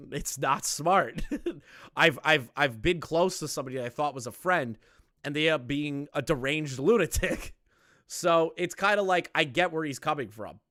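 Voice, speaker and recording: A man reacting to clips with blunt, swearing commentary and frequent laughter. His voice sounds bright and forceful. It is dry and close, with no room sound. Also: a little high, dry recording. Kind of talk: casual profane commentary.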